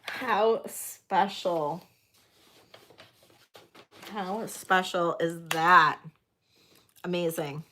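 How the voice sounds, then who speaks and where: A woman's voice: on the low side, very slow, pauses often, a little hiss or hum. Gushing woman hosting a live jewelry auction. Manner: gushing, excitable, chatty. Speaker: host of a live jewelry sale.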